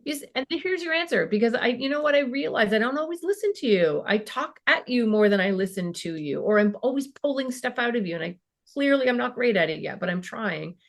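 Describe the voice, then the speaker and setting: Animated woman therapist in her fifties. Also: a little high, brisk, hardly any pauses. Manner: animated, acts out parent and teen dialogue. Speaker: child and family therapist, guest. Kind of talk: casual podcast interview.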